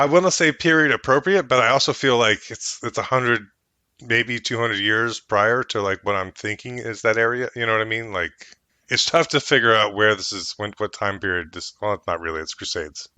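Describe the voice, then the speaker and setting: A man's voice: fairly low pitch, moderate pace, sharp tone, smooth, no echo. A man co-hosting a casual movie podcast, rambling and hedging with lots of filler words. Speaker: podcast co-host. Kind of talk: casual chat.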